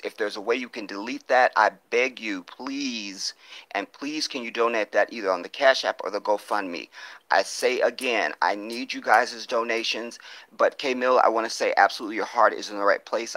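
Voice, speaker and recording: A man's voice: lowish voice, fairly bright tone, dry recording. A man hosting a live stream, reading viewer comments and pleading for donations in an impassioned, profane way, on a phone mic. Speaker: livestream host.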